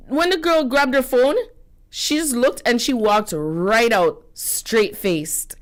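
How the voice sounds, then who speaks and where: Woman radio co-host, animated and indignant storyteller, laughs often. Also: medium pitch, moderate pace. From Canada. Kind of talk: casual radio commentary. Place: radio studio.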